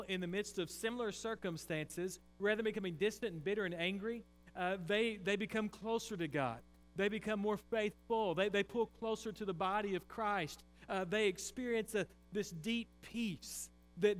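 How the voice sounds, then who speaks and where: A man pastor preaching a sermon, swinging from a loud raised voice to quiet intensity. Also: sits high. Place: church sanctuary. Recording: faint mains hum.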